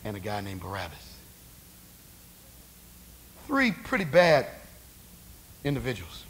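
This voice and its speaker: A man's voice: lowish voice, wildly swooping pitch, takes it slowly, fairly bright tone. A male preacher giving a conversational sermon, asking rhetorical questions of the congregation.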